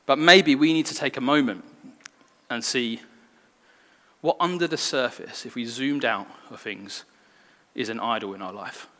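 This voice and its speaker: A man's voice: mid-range voice, unhurried, bright, forceful tone. A man preaching a sermon in an earnest, conversational way that draws in the congregation. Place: church hall. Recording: long reverb in a hall.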